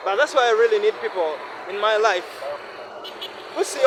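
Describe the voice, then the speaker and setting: A man's voice: high-pitched, moderate pace, noisy background. A man in his twenties from Uganda with a Ugandan accent, talking earnestly in a casual vlog monologue and often checking in with the listener. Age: 20s. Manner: earnest, repetitive, asks listener "no?". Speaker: vlogger. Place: outdoors by a city road.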